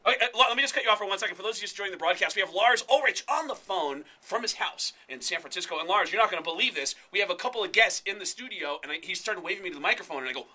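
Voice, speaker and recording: A man, a comedian, telling an animated story on a radio show, acting out the voices. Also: sits high. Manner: animated, fast, acts out voices. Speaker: guest comedian. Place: radio studio.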